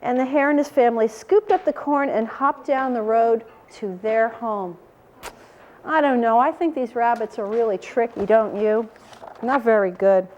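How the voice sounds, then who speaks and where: Woman storyteller, high pitched, animated read-aloud for children with questions. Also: moderate pace, lo-fi sound, a little hiss or hum. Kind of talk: reading a picture book aloud to children.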